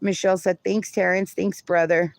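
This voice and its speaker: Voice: mid-range voice, little pitch movement, moderate pace, vocal fry, dry recording. A livestreamer in casual chat who reads viewer comments aloud and laughs often.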